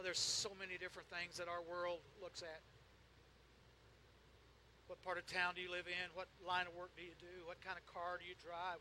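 High bright-voiced preacher. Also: male voice, slight background noise, rough recording. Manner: preaching with frequent "uh" and "amen", rising to loud fervent peaks. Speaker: pastor. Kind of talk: sermon.

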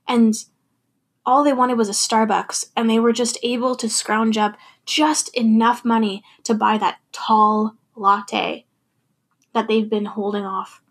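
A woman's voice: a little high, slightly rough. A young adult woman talking candidly and thoughtfully about her feelings in a personal monologue, laughing now and then.

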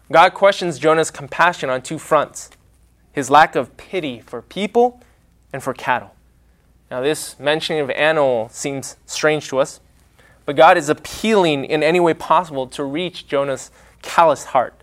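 A man preaching a sermon, with a dramatic, emphatic delivery and pauses. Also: on the high side, fairly bright tone.

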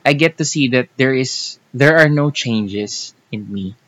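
A man's voice: medium pitch, unhurried, fairly bright tone. A young Filipino man with a Filipino accent, co-hosting a casual podcast chat, hesitant and repeating himself as he searches for words. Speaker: podcast co-host. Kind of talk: casual conversation. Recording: muffled lo-fi recording.

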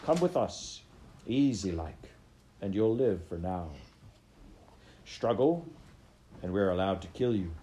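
A man voicing a young male wolf, frenzied and eager, with a higher, excited voice and a gloating manner. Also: slow, long pauses, slight background noise, poor audio.

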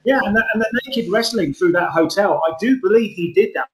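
Middle-aged man, guest actor, somewhat high voice, earnest rambling talk, roomy echo. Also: fairly quick. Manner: earnest, rambling, lively emphasis. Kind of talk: conversational interview.

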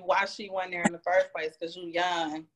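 A woman's voice: fairly low pitch, little pitch movement, moderate pace. A woman guest on a podcast talking in a blunt, teasing way and pressing hard for yes-or-no answers. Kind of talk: casual podcast debate.

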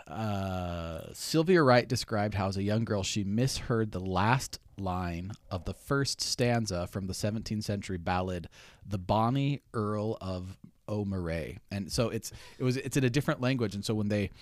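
A man's voice: fairly low pitch, normal speed, no room sound. Chatty middle-aged male podcast host. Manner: chatty, self-deprecating, many fillers and restarts. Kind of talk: casual podcast chat. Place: studio.

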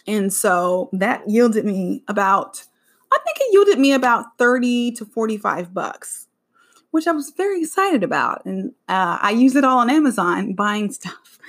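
Female podcast host, casual solo chat, meandering with self-corrections, light vocal fry. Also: a little high, very animated, moderate pace. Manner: chatty and rambling, with frequent self-corrections.

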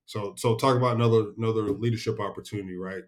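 A middle-aged man with a fairly low voice tells stories from his military service in a relaxed, casual way. He chuckles often, swears easily, and speaks in long, rambling stretches as a podcast guest. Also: very fast. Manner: laid-back, chuckling, salty war-story telling. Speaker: podcast guest, retired senior military leader. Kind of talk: casual storytelling interview.

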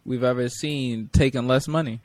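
A man's voice: mid-range voice, steady tone, normal speed, a little mellow. A man in a casual group chat, arguing his point bluntly.

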